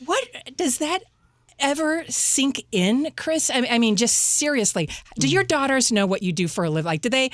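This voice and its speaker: A woman's voice: sits high, expressive, moderate pace, no echo. A woman hosting a radio studio interview, asking playful, teasing questions.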